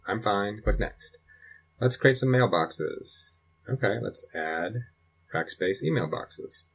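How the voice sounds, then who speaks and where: A middle-aged man with a low, husky voice talks through a screen tutorial at home. He thinks aloud as he clicks and rambles along with plenty of restarts. The delivery is loose and conversational. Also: expressive, slow. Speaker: dad recording a computer tutorial. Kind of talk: casual screen-recording walkthrough. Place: home in Colorado.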